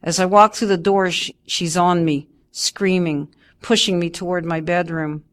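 Woman narrating a memoir in a low voice. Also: steady tone, normal speed.

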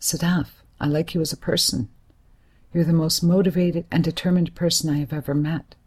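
A woman reading the part of a hesitant but serious young man, a gentle family friend, in an audiobook. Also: a little high, steady tone, normal speed, husky, pitched above the performer's own voice. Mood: pleading. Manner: hesitant yet serious, soothing.

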